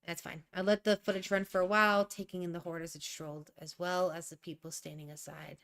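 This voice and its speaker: A woman's voice: fairly low pitch, level tone, fairly quick, fairly bright tone. A young woman thinking aloud while she edits a draft, rereading her sentences and ranting in asides. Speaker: writer streaming a writing session.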